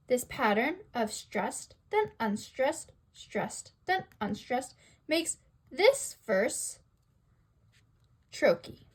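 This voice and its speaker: A woman's voice: sits high, very animated, slightly rough. A young woman presenting a school lesson, reading carefully with rhetorical questions. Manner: slow, sing-song reading with rhetorical questions. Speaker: student presenter.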